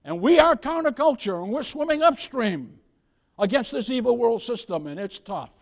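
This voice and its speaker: A pastor with an unusually high voice for a man preaches a sermon at normal speed, animated and slightly creaky. He preaches emphatically, often addressing listeners as "beloved" and asking them for an amen.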